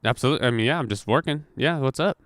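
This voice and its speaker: In a studio-quality recording with no echo, a young man talks very fast in a mid-range voice. He's a podcast host casually telling a story, swearing a lot and performing the quotes with animation.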